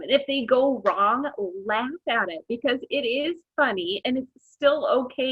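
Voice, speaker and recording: A woman guest baker chatting casually on a podcast, upbeat and quick to laugh. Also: fairly high pitch, breathy edge, no room sound. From Arizona, USA. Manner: bubbly, laughs often. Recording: dull lo-fi sound.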